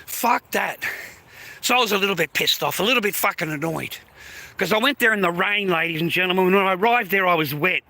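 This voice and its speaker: A man's voice: high-pitched, a little fast, creaky, bright, forceful tone. A man ranting on a live stream, blunt and full of swearing. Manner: angry, heavy swearing, blunt. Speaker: livestreamer. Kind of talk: profane live-stream rant.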